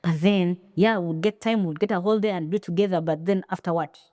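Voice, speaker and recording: Brief: woman podcast co-host, lower-pitched voice, dry close sound, opinionated and animated. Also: fast talker, dry recording. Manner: opinionated, animated, acts out quoted lines. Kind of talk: casual podcast chat.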